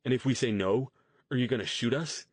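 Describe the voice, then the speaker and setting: A man's voice: mid-range voice, brisk, breathy edge, no room sound, pitched above the performer's own voice, close to an everyday voice. A man voicing a blunt young man who sounds dejected and weary.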